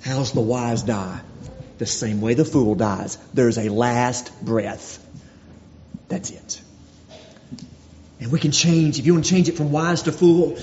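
A man preaching a sermon, earnest and full of rhetorical questions, dropping to quiet, slow lines for emphasis. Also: mid-range voice. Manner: earnest, rhetorical questions, slows and drops to near-whisper for emphasis. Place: church sanctuary. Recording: dull recording with long hall reverb and faint noise.

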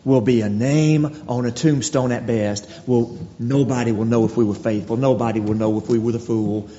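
A man preaching a sermon, earnest and full of rhetorical questions, dropping to quiet, slow lines for emphasis. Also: mid-range voice, steady tone. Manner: earnest, rhetorical questions, slows and drops to near-whisper for emphasis. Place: church sanctuary. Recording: dull recording with long hall reverb and faint noise.

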